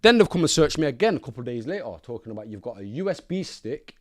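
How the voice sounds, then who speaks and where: A man from Nottingham, a podcast guest telling animated stories in heavy street slang and acting out what others said. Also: medium pitch, fast talker. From Nottingham, England. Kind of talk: casual storytelling in an interview.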